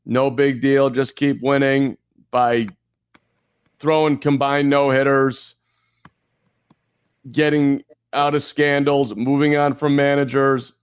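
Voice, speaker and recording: A man's voice: medium pitch, flat delivery, takes it slowly, pauses often, smooth. A man from Chicago co-hosting a podcast in casual sports chat, joking and rambling through asides. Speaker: podcast co-host.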